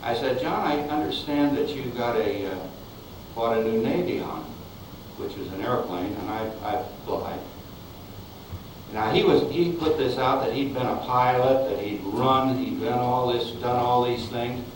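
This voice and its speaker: A man's voice: mid-range voice, unhurried. An older man, a film director, rambling through chuckling anecdotes about his old Westerns in an interview. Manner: chuckling, rambling storyteller with restarts. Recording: echoey room, far mic, background noise.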